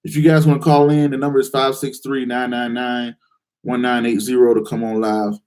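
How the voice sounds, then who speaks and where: A man hosting a live investing call-in show, answering viewers' questions in a direct, challenging way with lots of rhetorical questions. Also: a little fast. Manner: animated, acts out excited investors in a higher voice.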